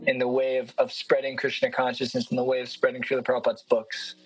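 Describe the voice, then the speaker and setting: A man hosting a podcast, who talks earnestly and haltingly and keeps restarting his sentences. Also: medium pitch, monotone, slightly rough, soft background music, low-quality recording. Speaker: podcast host. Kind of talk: casual podcast chat.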